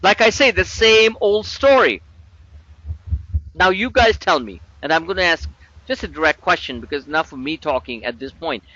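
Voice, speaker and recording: A man's voice: on the high side, animated, normal speed, bright, forceful tone, dull audio. A man hosting a live trading webinar, talking emphatically and repeating himself as he walks viewers through charts. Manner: emphatic, repetitive, talks straight to viewers.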